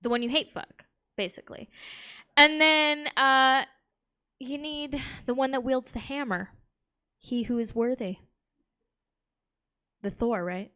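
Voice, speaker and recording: Woman doing stand-up in a club, bawdy and brash, smooth clear voice, kinda high. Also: slow, long pauses, pushed and bright. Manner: brash, bawdy, laughing at her own jokes. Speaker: stand-up comic. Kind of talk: stand-up set. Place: comedy club stage.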